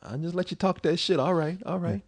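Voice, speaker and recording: A man's voice: fairly high pitch, brisk, breathy edge, dry recording. A man telling a rowdy story in casual chat, swearing freely and laughing along with his own tale. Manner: profane, animated storytelling with laughs. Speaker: storyteller on a talk show.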